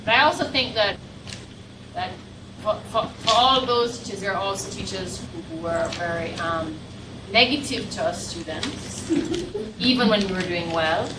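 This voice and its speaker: A woman's voice: mid-range voice, animated, unhurried. A Jamaican woman student sharing thoughtful views in class, repeating words as she thinks. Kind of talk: classroom discussion. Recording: echoey distant classroom, noisy.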